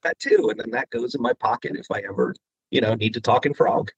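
Guest voice actor, male, husky, animated storyteller; dry, lo-fi sound. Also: mid-range voice, quick pace, dry recording. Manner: animated, drops into quoted voices. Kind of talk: interview storytelling.

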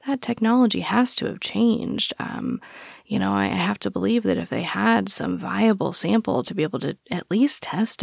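A woman hosting a true crime podcast, speaking earnestly and softly to her listeners with a sore throat. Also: fairly low pitch, creaky, husky, no room sound, clean studio sound. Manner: earnest, soft-spoken, addresses listeners directly. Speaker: podcast host. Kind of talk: true crime podcast narration and casual after-show chat.

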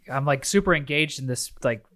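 A man's voice: medium pitch, moderate pace, bright, forceful tone, natural voice. Man playing a rambling roommate. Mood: sheepish. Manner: rambling, sheepish, hedging with likes. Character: obsessive young male roommate. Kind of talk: improvised comedy scene.

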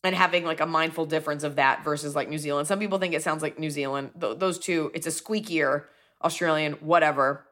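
A woman's voice: deep voice, fairly even intonation, fairly quick, a bit bright. A woman comedian hosting, reading ads and chatting casually with a self-deprecating manner. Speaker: comedian host. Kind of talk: podcast ad read and casual chat.

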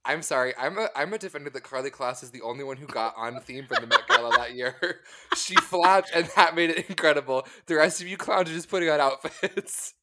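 A man co-hosting a podcast, chatting in an animated way, laughing and swearing while telling stories. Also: fairly high pitch, brisk. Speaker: podcast co-host. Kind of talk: casual chat.

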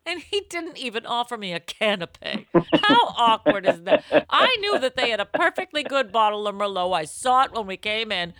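A woman chats on a comedy podcast and reads an old advice letter in a hammy, mock-indignant voice. Her tone is bright and sharp. The sound is dry and close, with no room in it. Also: on the high side, dry recording. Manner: playful, dramatic read-aloud with mock outrage. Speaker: podcast co-host. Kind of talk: casual comedic chat.

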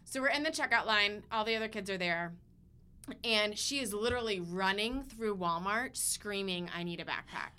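A woman's voice: mid-range voice, moderate pace, pushed and bright, clear, resonant tone. A woman in her thirties, a podcast co-host, telling a long, chatty story with lots of fillers and restarts. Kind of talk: casual chat.

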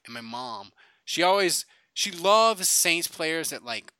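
Middle-aged man from Louisiana, rambling casual storyteller, slightly high bright voice, dry recording. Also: lively intonation, slow, clear, resonant tone, dry recording. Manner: rambling storyteller, many restarts and fillers. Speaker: podcast co-host. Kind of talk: casual sports chat.

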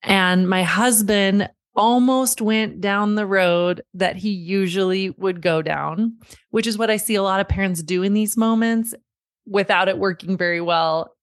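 A woman's voice: lowish voice, no room sound, clean studio sound. A woman in her thirties, a parenting coach hosting a podcast, telling a family story and giving earnest advice.

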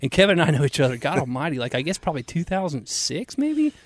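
A man co-hosting a podcast in casual chat, telling stories earnestly and warmly, with lots of filler words. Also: on the high side, big pitch swings, fast, no echo. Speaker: podcast co-host.

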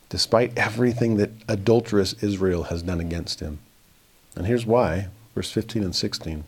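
A man teaching a verse-by-verse scripture lesson, reading passages slowly and then paraphrasing them with rising emphasis. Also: fairly low pitch, breathy edge.

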